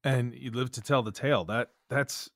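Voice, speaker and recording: A male podcast host draws out his guest with curious questions and quick laughs. His voice sits at a middle pitch and is recorded close and dry, without any echo. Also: fairly even intonation, creaky, a bit bright. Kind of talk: interview.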